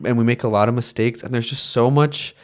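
A man's voice: medium pitch, steady tone, a little fast. Male podcast co-host, casual film review chat, earnest, emotional, meandering. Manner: earnest, emotional, rambling with many fillers.

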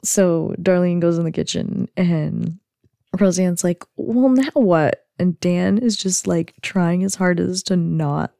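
Chatty woman recapping a sitcom, mellow tone. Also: lowish voice, little pitch movement, measured pace, gravelly, dry recording, clean studio sound. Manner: chatty, giggly, frequent "like". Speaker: podcast host. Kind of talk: casual episode recap.

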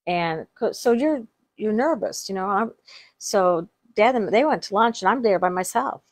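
A woman's voice: medium pitch, animated, normal speed. A middle-aged woman co-hosting a casual chat, telling family stories with frequent laughter and restarted sentences. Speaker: podcast co-host.

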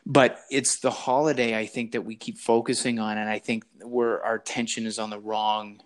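A man's voice: lowish voice, level tone, normal speed, hardly any pauses. Rambling man hosting a call-in podcast. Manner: rambling, repeats words, asks "right?". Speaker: podcast host. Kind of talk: casual health podcast chat. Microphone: remote call.

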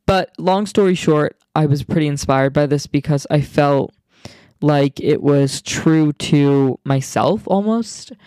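A young man chats alone on his podcast, bubbly and quick to get excited, with plenty of slang and fillers. His voice sits a little high for a man. The sound is dry and close, with no room echo. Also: smooth. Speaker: podcast host. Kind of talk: casual solo podcast chat.

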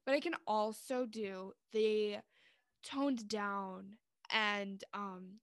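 A young woman co-hosting a casual podcast, playful and jokey and quick to laugh. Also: mid-range voice, fairly even intonation, clear, resonant tone, no room sound, studio quality. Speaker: podcast co-host. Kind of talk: casual chat.

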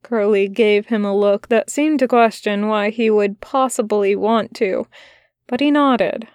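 A woman reading fan fiction aloud as a podfic, narrating calmly and softly. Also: mid-range voice, a little slow, clear, resonant tone, no room sound. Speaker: podfic reader.

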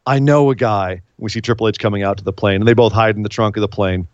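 A man's voice: lowish voice, fairly even intonation, fast, no room sound, dull audio. A man co-hosting a wrestling podcast, recapping the week's show in a casual, chatty way with little laughs.

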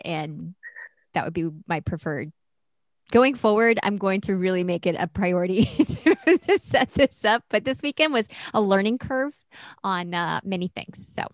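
A young woman co-hosting a casual chat podcast, animated, swearing freely and acting out mocking quotes. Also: on the low side, moderate pace, dry recording, clean studio sound. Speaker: podcast co-host.

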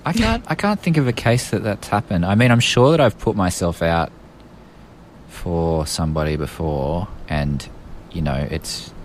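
Deep-voiced hesitant man, faint hiss. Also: animated, normal speed. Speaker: podcast co-host. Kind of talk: casual chat.

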